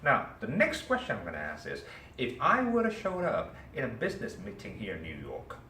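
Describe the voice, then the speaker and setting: Speaking a little fast at a medium pitch, a man animatedly tells his class a story and asks them questions. There's a little hiss or hum, and the distant mic catches an echoey room with faint ambience.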